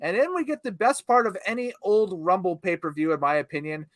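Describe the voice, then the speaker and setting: A man's voice: high-pitched, very animated, fairly quick, a bit bright, dry recording. A man hosting a casual review podcast, steering the talk and laughing often. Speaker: podcast host.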